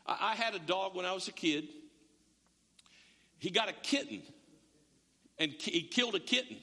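A man's voice: high-pitched, expressive, normal speed, pushed and bright. A male pastor giving a conversational sermon in a church, full of stammering restarts and joking asides. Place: church sanctuary. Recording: long church reverb.

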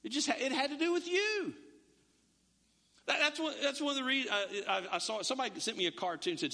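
Man, pastor, casual joking sermon, very high voice, stumbling restarts, long church reverb. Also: animated, quick pace, sharp tone. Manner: stammering restarts, joking asides. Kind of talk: conversational sermon. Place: church sanctuary.

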